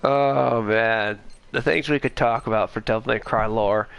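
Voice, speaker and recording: A man's voice: on the low side, steady tone, measured pace, gravelly, a bit bright, smooth. A man co-hosting a casual gaming podcast who talks with enthusiasm and laughs often. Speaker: podcast co-host.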